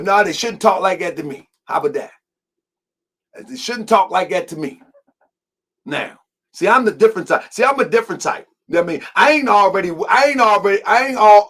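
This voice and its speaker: Man, high voice, emphatic, repeats himself, confrontational host. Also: a bit bright. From Baltimore, US. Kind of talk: heated commentary.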